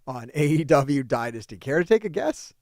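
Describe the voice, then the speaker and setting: Host from New Jersey, high expressive voice, swears freely, dry mic. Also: male voice, moderate pace, dry recording. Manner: profane, ranting, loud outbursts. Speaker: podcast host. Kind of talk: casual wrestling review chat.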